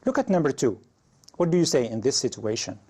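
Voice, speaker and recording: Here a man runs an English class, reading sample situations aloud and asking learners what they'd say in each. He talks briskly in a sing-song, mid-range voice with a darkish, slightly rough tone.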